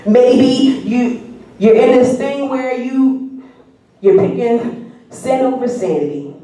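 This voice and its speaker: Woman pastor preaching, higher voice, echoey hall, mic set far off. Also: lively intonation, slow pace, mellow. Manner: preaching with call and response, rising fervor. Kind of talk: sermon. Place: church sanctuary.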